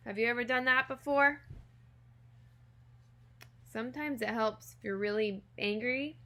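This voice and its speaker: A woman teacher reading a children's picture book aloud, gently and expressively, talking directly to young listeners. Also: fairly high pitch, steady tone, measured pace. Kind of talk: children's storybook read-aloud.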